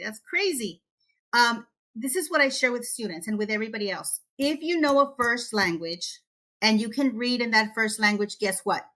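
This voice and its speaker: Lively woman expert, webinar guest; crisp bright voice, upbeat teacher energy. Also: on the high side. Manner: energetic, animated teacher talk. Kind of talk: webinar presentation. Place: Texas.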